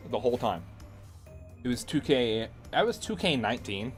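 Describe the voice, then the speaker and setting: A man's voice: mid-range voice, very animated, a little slow, soft background music. A man streaming games, chatting casually and ranting sarcastically with plenty of swearing. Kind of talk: casual livestream chat.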